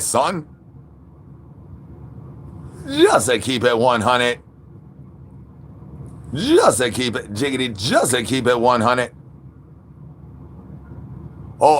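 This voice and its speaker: A man's voice: mid-range voice, fairly bright tone, a little hiss or hum. A man chatting with viewers on a livestream while standing outdoors, playful and full of goofy catchphrases and animal noises.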